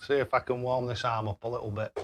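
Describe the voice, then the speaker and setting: A man's voice: mid-range voice, little pitch movement, quick pace, a little hiss or hum. An older man chatting casually on a live stream, reading out viewer messages and throwing darts, laughing often and fumbling over tricky names. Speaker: darts livestreamer reading chat.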